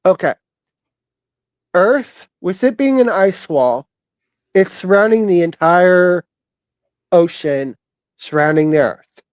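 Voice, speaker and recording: A man co-hosting a casual online chat show, talking in a hesitant, halting way with many fillers and restarts. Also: high voice, expressive, clean tone, dry recording, muffled recording. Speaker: co-host.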